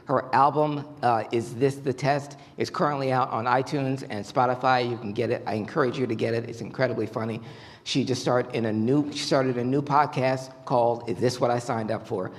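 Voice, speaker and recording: A man's voice: mid-range voice, fairly even intonation, brisk. A man hosting a live comedy variety show, joking before he introduces the next guest. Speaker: show host. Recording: long hall reverb, faint noise.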